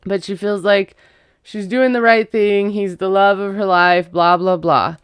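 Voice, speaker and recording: A woman's voice: mid-range voice, steady tone, measured pace, clean tone, no room sound. A woman recapping a TV episode in a casual, gossipy, sarcastic way. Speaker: TV recap vlogger.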